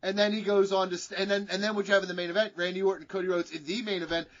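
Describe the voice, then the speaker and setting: A man's voice: sits high, flat delivery, very fast, fairly bright tone. A man co-hosting a wrestling podcast, telling a rambling, profane story in casual chat. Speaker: podcast co-host. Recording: dull lo-fi sound.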